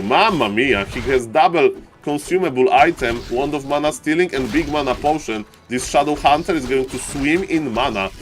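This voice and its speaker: A man who is not an English speaker, commentating a strategy game match live on stream, greeting viewers and getting loud at big plays. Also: a little high. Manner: excitable, shouts at big plays, non-native English phrasing. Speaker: esports caster and streamer.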